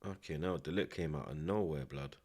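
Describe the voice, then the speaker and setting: With an extremely low-pitched voice and a brisk delivery, a young male streamer reacts live to a football match. He speaks casually and animatedly in street slang, frequently using tag questions.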